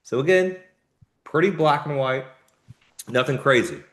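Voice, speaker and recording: A man with a slightly high voice hosts a live trading show, speaking unhurriedly overall. His casual market commentary is animated and jumpy, breaking into sudden emphatic bursts and slangy asides.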